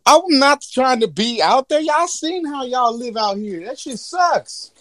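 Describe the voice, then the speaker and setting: A man's voice: very high-pitched, expressive, unhurried, bright, forceful tone, no room sound, pitched above the performer's own voice, heavily acted. A man voicing a crude, irritable male genie who complains and curses a lot. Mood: indignant. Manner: profane, put-upon complaining.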